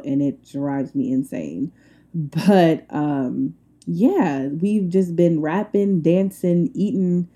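A young woman in her twenties chats alone on her podcast, loose and blunt, often laughing as she rants. Her voice sits a little low and sounds very dark and mellow. She tells her stories with animated, colloquial energy. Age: 20s. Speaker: podcast host. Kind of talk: casual solo podcast chat.

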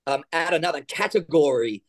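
A man with a fairly high voice tells his stories with gusto. He jumps into the voices of the people he describes and keeps a coaching swagger throughout. The feel is a relaxed podcast chat. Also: brisk. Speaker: jiu-jitsu coach and guest. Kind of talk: animated storytelling in a podcast interview.

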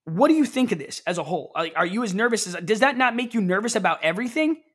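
A young man co-hosting a casual streamed chat, excitable and rambling. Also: sits high, fast talker, husky. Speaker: co-host.

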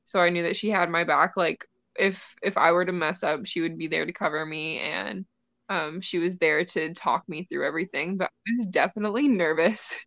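Bright, giggly young woman. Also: lowish voice, normal speed, vocal fry, no room sound, dull audio. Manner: animated storytelling, giggly. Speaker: wrestler guest. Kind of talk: casual interview chat.

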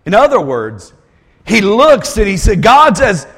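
A man preaching a sermon as a pastor, animated, swinging between quiet asides and loud emphatic lines, often repeating words as he restarts phrases. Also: high-pitched, unhurried, husky, big-room sound.

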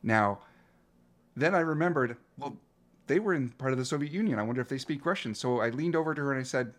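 Earnest man in his fifties, coach being interviewed, reflective delivery, mid pitch. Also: lively intonation, fast talker. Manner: earnest, reflective, with frequent restarts. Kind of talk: interview guest telling a story.

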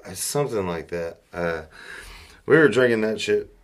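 A man's voice: fairly low pitch, animated, normal speed. A Southern US man telling a story in casual chat, rambling and profane, with laughter breaking in.

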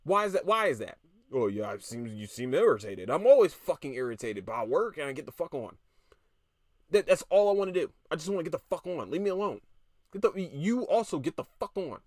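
Podcast host, male, fed-up solo rant, profane with stammered restarts, slightly high and very animated voice, dry close sound. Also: fairly quick, no echo. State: tired. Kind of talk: casual ranting monologue.

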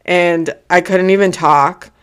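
A woman's voice: fairly low pitch, steady tone, slow pace, clear, resonant tone. A young woman hosting a podcast, telling a personal story in a blunt, casual way, swearing freely and laughing through the hard parts. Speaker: podcast host.

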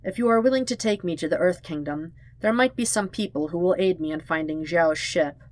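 A woman's voice: lowish voice, fairly quick, natural voice. Woman voicing a grave, weary old man. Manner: formal, grave, quiet. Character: gentle weary old man, soft-spoken and formal.

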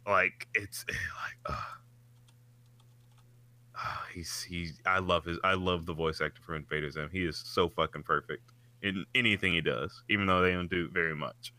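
Bright-voiced animated man chatting. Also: fairly quick. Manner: animated, swearing, pitch jumps up when excited. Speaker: podcast co-host. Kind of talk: casual chat.

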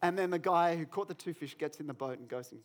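Male pastor, high-pitched, animated sermon storyteller with self-mocking humor. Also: fast.

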